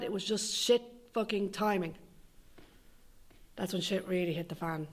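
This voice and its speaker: Speaking at a medium pitch and a slightly slow pace, she's a young Irish woman running through a scripted comedy piece. The monologue rambles, drips with sardonic humor and includes a fair bit of swearing.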